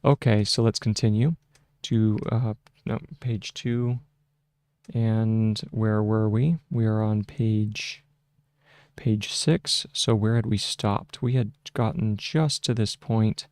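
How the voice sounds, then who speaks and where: A man's voice: fairly low pitch, steady tone, a little mellow, clean tone, dry recording. A man hosting a casual shorthand tutorial, thinking aloud at his desk into a close microphone, with frequent fillers and restarts. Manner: slow, halting, with many fillers and restarts. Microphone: close desk microphone with a mute button.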